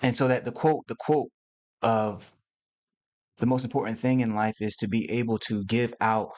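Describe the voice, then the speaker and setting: A man's voice: medium pitch, steady tone, moderate pace, darkish tone, lo-fi sound. A middle-aged man hosting a casual livestream, talking to viewers in a loose, playful, slangy way. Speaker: host.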